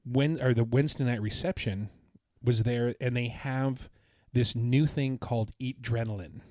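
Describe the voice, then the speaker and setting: A man's voice: mid-range voice, normal speed, a little mellow, no room sound, studio quality. A man co-hosting a podcast, recounting his trip in a casual, enthusiastic, rambling way. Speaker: podcast co-host. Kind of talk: casual chat.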